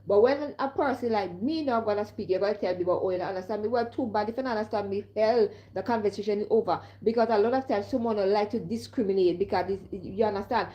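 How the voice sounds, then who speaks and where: A woman's voice: medium pitch, fast, few pauses, dull audio. A woman with a Caribbean accent talking casually to her viewers as a live streamer, emphatic and repeatedly asking if they understand. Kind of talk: casual direct-to-camera monologue.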